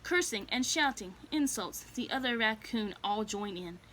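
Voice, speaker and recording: A woman reading a children's storybook aloud in a gentle, unhurried way. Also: fairly high pitch, expressive, a little hiss or hum.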